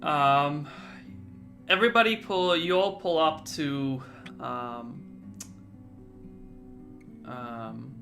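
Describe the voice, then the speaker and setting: A young man narrating as game master, halting often with fillers and restarts. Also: a little high, vocal fry, pushed and bright, soft background music. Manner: hesitant, many fillers and restarts.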